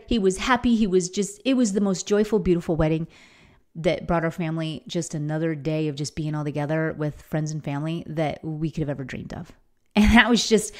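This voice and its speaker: A woman's voice: fairly low pitch, a little mellow. Middle-aged woman, enthusiastic inspirational faith speaker, earnest storyteller. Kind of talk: motivational faith talk.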